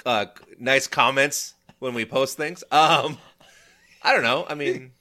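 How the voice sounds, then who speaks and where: A man's voice: mid-range voice, slow pace, sharp tone. A man co-hosting a podcast in casual, rambling chat, often restarting sentences and chuckling. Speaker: podcast co-host.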